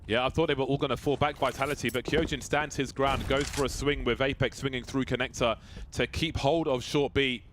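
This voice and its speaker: A man commentating a competitive shooter match, building to excited calls during big plays. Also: medium pitch, brisk. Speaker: esports caster. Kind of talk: play-by-play commentary. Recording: noisy game sounds behind. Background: gunfire and game sounds.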